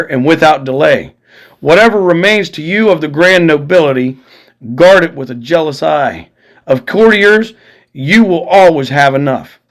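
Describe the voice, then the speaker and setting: A man's voice: fairly high pitch, poor audio. A man reading aloud voices a proud musketeer captain, delivering grave, impassioned declamation to a king.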